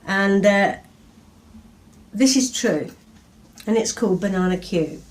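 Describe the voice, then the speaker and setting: An English woman in her seventies tells stories about her poems in a chatty, anecdotal way. Her reading voice is lively, and she tells each tale like an old memory. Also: medium pitch, slow pace. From England. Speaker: poet. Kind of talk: storytelling and poetry reading.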